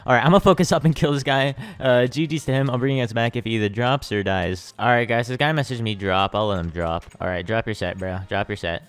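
A young man hosting a gaming channel, giving excitable live commentary on his own play and hyping every win with slang. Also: medium pitch, fast talker, few pauses, clear, resonant tone, no room sound.

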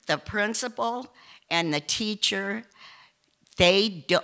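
A woman's voice: mid-range voice, a little slow, pushed and bright. A woman telling a personal story on stage to a live audience, chatty and emphatic with many asides and restarts.

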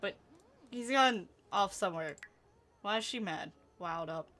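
A young woman casually commenting on her life-simulation game, chatty and giggly, often laughing and calling out loudly at what happens on screen. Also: medium pitch, animated, unhurried. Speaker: gameplay commentator. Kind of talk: casual let's-play commentary.

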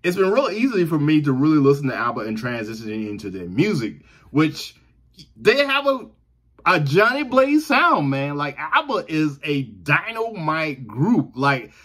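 Southern guy doing a reaction vlog, bright voice, hypes up his viewers and laughs a lot. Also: fairly high pitch. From Southern United States. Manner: enthusiastic, repetitive, laughs often. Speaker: reaction video host. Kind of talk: casual direct-to-camera chat.

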